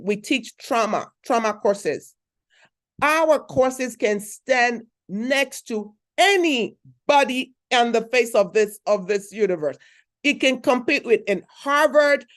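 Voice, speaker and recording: A woman speaker with a fairly high voice delivers a motivational talk. She is emphatic and repeats key phrases. She keeps asking her listeners whether they are following. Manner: emphatic, repeats phrases, asks the audience questions. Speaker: speaker at a conference.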